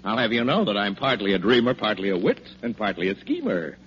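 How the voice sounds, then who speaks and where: A man's voice: lowish voice, sing-song, fairly quick, fairly bright tone. An actor playing a pompous, theatrical male gunman sent from hell, speaking rhyming verse in 1940s radio acting. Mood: agitated. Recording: dull, faintly hissy old radio recording.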